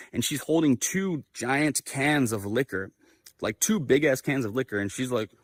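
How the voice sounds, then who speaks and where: A young man hosting a livestream, telling a personal story in a casual, animated way with lots of swearing and fillers. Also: medium pitch, no room sound. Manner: animated, profane, filler-heavy. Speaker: livestream host.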